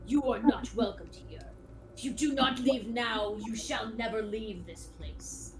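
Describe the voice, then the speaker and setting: A woman voicing a pompous male skeleton knight who speaks in booming, formal old-fashioned phrases. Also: a little slow, lightly acted. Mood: stern. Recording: noisy background.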